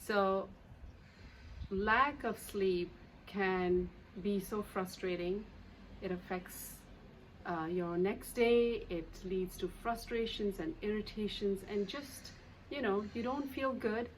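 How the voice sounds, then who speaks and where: A woman's voice: medium pitch, takes it slowly, a little hiss or hum, rough recording. A woman coach speaking casually to camera, telling everyday stories with many fillers. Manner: conversational, many fillers and anecdotes. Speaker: EFT coach and author.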